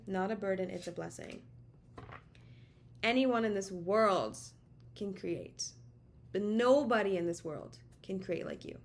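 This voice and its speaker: Her mid-range voice has a slightly mellow quality as she delivers a casual channeled tarot message to camera from her home office. She's chatty, encouraging and emphatic, often repeating words for stress, and records on a camera mic.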